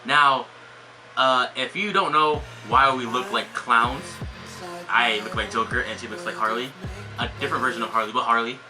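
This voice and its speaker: Male YouTube reactor, very bright sharp tone, hyped and rambly, casual swearing. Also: mid-range voice, moderate pace, faint music behind, rough recording.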